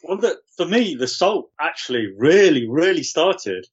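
A man's voice: fairly high pitch, sing-song, a little slow, slightly rough, lo-fi sound. A man, a podcast guest, chatting casually about football and pressing his point insistently.

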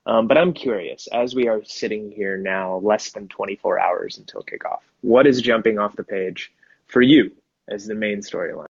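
A man co-hosting a casual live show, chatting in a relaxed, self-deprecating way about an upcoming soccer final. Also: on the low side, moderate pace, gravelly, breathy edge, no room sound, highs cut off. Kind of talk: casual match preview chat.

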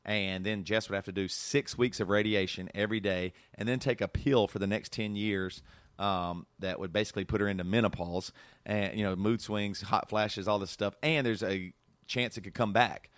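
A man's voice: fairly low pitch, steady tone, normal speed, fairly bright tone, no room sound. A man hosting a casual podcast, talking earnestly and emotionally with many restarts. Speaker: podcast host.

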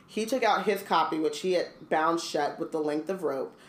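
A woman's voice: low-pitched, normal speed. A woman reading a book aloud on a podcast with casual asides and filler ums. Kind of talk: casual book read-along chat. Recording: roomy echo.

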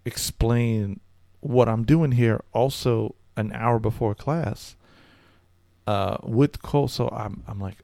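A man's voice: medium pitch, slow, vocal fry, mellow, no echo, studio quality. A man telling a comedic story in casual chat, rambling and hesitant, with stammering restarts. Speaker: storyteller guest.

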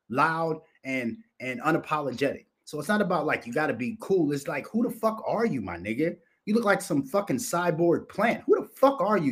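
Husky and on the high side, this man's voice carries a profane livestream rant. The host, from Minnesota, is brash, boastful and mocking, and swears throughout.

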